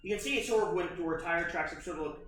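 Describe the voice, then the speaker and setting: A man running a tabletop horror game as game master, describing scenes in a halting way, full of restarts and fillers. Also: high voice, a bit bright, heavy reverb, far from the mic, rough recording.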